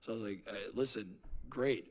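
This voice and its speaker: A man's voice: on the low side, fairly quick. Rambling, self-mocking male podcast co-host. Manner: rambling, self-mocking, lots of fillers and restarts. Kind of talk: casual storytelling chat.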